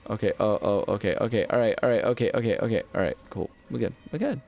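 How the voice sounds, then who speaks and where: A man's voice: lowish voice, fast talker, creaky, dull audio. A man hosting a gaming channel, talking casually over gameplay in a rambling, self-mocking way and humming nonsense syllables now and then.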